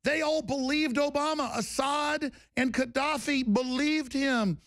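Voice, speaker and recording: A man's voice: very high voice, a little slow, a bit bright, no echo, clean studio sound. A man delivering an angry political rant, heated and emphatic, with mocking asides. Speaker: political commentator.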